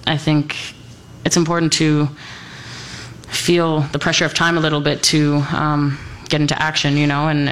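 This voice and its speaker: A young woman athlete in her twenties answers a reporter's question. Her voice stays strikingly flat in pitch, and she pauses and fills gaps with hesitant words as she thinks aloud. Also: a little hiss or hum. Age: 20s. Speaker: professional tennis player. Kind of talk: press interview answer.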